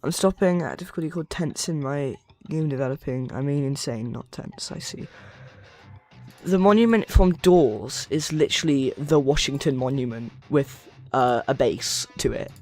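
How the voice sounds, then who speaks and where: Chatting casually with live viewers, this young American rambles and jokes while building a game on stream, reading the chat out loud. He speaks at a moderate pace in a medium, slightly mellow voice over soft background music.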